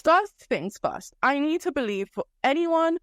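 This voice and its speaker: A young woman hosting a podcast, retelling a story in a casual, playful way and acting out quick quotes from the characters. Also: high-pitched, sing-song, a bit bright, no echo, clean studio sound. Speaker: podcast host.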